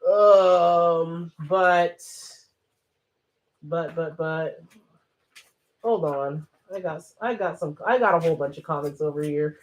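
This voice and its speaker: A man's voice: on the high side, slow, pauses often, dull audio. A young man hosting a casual livestream, reading viewer comments and chatting in a rambling, joking way with tangents. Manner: rambling, jokey, trails off into tangents. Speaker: livestream host.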